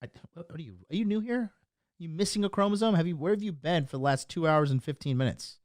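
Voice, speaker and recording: A man's voice: on the high side, fast talker, darkish tone, no room sound, clean studio sound. A man coaching on dating, ranting on a livestream to his chat in a brash, boastful and mocking way, punctuating points with "okay?". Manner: emphatic, keeps asking "okay?".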